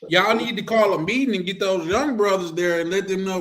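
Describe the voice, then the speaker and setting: A man with a high, bright voice leads a loose group talk. He banters in an animated, slangy way and laughs often. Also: brisk. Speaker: host. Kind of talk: casual group discussion.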